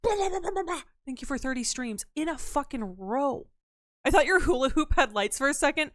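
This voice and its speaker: A woman's voice: sits high, expressive, brisk, a bit bright, no room sound, studio quality. Playful woman greeting her stream chat. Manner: playful, teasing, jumps into silly voices. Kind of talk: casual live-stream chat.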